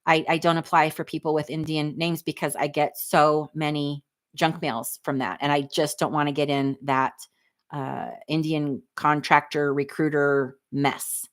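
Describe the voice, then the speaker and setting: A woman's voice: low voice, little pitch movement, unhurried. A woman, hosting a casual livestream, candid and snarky as she reads chat comments aloud. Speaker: livestream host reading chat.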